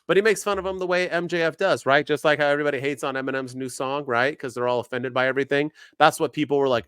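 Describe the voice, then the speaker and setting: A man co-hosting a wrestling podcast, talking in animated, ranting bursts. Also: medium pitch, quick pace, clear, resonant tone, dry recording, studio quality. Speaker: podcast co-host. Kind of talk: casual podcast chat.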